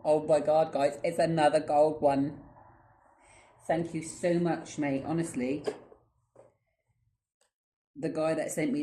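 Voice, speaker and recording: An excitable woman unboxing her collection in a casual vlog, swearing freely and squealing with delight. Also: low voice, slow, long pauses. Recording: echoey room with clear background noise.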